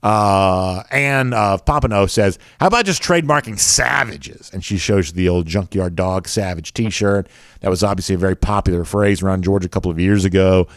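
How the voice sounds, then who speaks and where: Hosting a sports show, a Southern man from the American South chats casually, reads out viewer comments, and fills his speech with fillers. He has a low-sitting voice and a moderate pace, recorded at studio quality with no echo.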